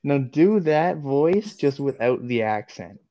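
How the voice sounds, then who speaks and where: A man's voice: mid-range voice, very animated, slow pace, dark tone. A man in casual chat, laughing and teasing his friend.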